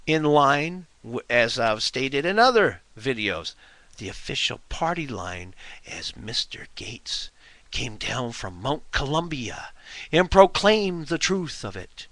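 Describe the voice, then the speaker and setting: A man's voice: a little high, a bit bright, dry recording. A man giving a heated, scornful monologue to his webcam at home, full of rhetorical questions. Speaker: video blogger. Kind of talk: ranting monologue to camera. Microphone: webcam mic.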